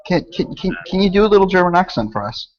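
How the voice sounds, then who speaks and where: A man's voice: high voice, big pitch swings, quick pace, lo-fi sound. A man in a casual chat, teasing and egging others on and repeating himself.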